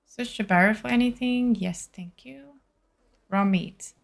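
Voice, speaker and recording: A woman's voice: medium pitch, unhurried, gravelly. A woman live-streaming a video game, thinking aloud and answering her chat.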